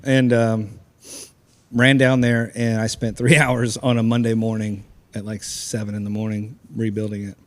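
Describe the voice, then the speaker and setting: A man's voice: lowish voice, flat delivery, moderate pace. A man hosting a podcast, telling a story in casual chat with friends, laughing often. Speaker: podcast host.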